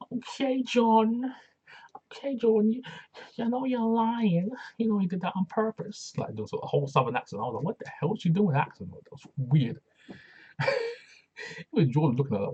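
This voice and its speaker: A man's voice: mid-range voice, creaky, a little mellow, husky, muffled recording. A man casually reviewing a wrestling show, laid-back and slangy, with lots of fillers.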